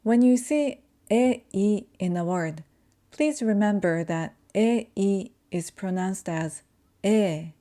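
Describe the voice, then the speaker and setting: A woman whose first language is Japanese gives a pronunciation lesson, speaking slowly and carefully as she demonstrates sounds. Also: mid-range voice, dark tone. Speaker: language teacher.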